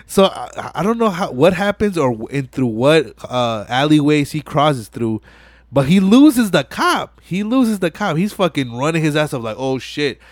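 A man hosting a podcast, retelling a film scene in casual chat with animated, profane storytelling. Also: on the high side, moderate pace, dry recording, studio quality. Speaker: podcast host.

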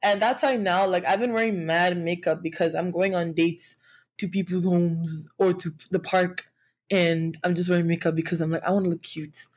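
Candid young woman, low voice, vlog. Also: fairly even intonation, moderate pace, darkish tone. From Nigeria. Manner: candid, conversational, many fillers and restarts; occasional laughs while speaking. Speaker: vlogger. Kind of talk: personal storytelling vlog.

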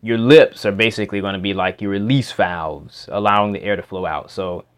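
A man teaching how to make a speech sound, explaining slowly and repeating practice words and sounds in a demonstrative way. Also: lowish voice, steady tone, clean tone. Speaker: pronunciation teacher. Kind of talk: instructional explanation. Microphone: home microphone.

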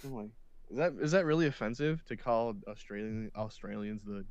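A man's voice: fairly low pitch, a little fast, smooth, dry recording, muffled recording. A young adult man hosting a podcast, chatting casually in loose slang and swearing freely. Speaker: podcast host. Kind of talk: casual chat.

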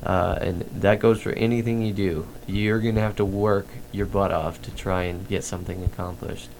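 A man's voice: sits low, steady tone, moderate pace, darkish tone, slight background noise. A man hosting a podcast in casual chat, rambling with lots of fillers and restarts. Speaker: podcast host.

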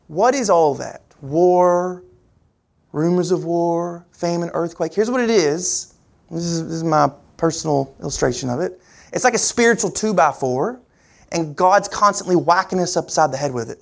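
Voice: lively intonation, a little slow, creaky, pauses often. A preacher delivering a sermon in an earnest, repetitive way, asking the congregation rhetorical questions and pushing key words up and down for emphasis. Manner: pitch and pace swing widely for emphasis.

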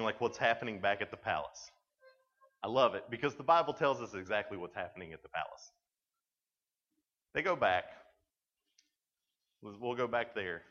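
A man preaches to a youth camp, retelling a story in a loose, chatty way, with lots of "like" and quick restarts. His voice sits fairly low. The recording sounds dull and lo-fi. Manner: lively, conversational storytelling with many "like"s. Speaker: camp speaker.

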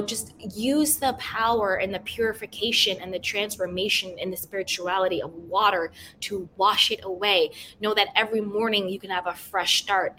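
A woman hosting a self-help podcast, talking gently and repeating affirmations, with many "you know" fillers. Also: mid-range voice. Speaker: podcast host.

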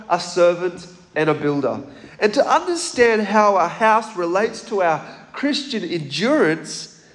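A man preaching a sermon in a church, measured and emphatic, asking the congregation questions. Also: sits high, big-room sound.

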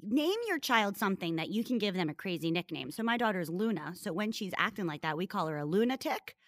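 A woman's voice: mid-range voice, brisk, no room sound, clean studio sound. A woman in her thirties, a mother, chatting casually and telling stories with lots of animation and swearing. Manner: animated storytelling, swearing, acting out quotes. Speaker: mother and guest. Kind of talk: casual chat.

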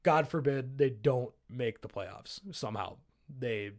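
A man's voice: mid-range voice, a little slow, a little mellow. A man co-hosting a sports podcast, talking casually and animatedly, swearing freely as he rants. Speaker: podcast co-host.

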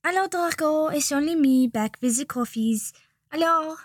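A woman's voice: high voice, normal speed, no echo, studio quality, pitched above the performer's own voice, natural voice. A woman reading aloud and voicing a cheerful French man in a storybook romance. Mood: cheery. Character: chirpy French man bringing coffees.

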